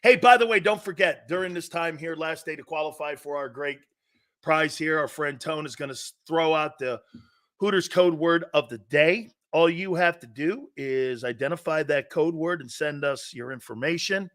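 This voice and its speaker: A middle-aged man hosting a sports talk show, ranting loudly and mocking rivals. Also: fairly high pitch, normal speed. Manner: loud, mocking, puts on voices and laughs often. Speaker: sports radio host. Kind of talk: animated sports talk rant.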